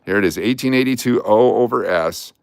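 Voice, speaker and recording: A man with a low, deep voice hosts a casual livestream and talks in a loose, rambling way. He reads out viewer names and song requests. The sound is dry and close, with no room echo. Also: fairly quick, creaky, darkish tone, clear, resonant tone. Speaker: livestream host.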